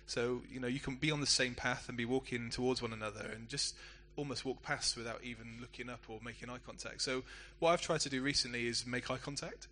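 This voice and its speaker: A middle-aged man, a pastor preaching a sermon in a relaxed, conversational storytelling way with self-deprecating asides. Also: medium pitch, fast talker, hardly any pauses, a little hiss or hum. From England.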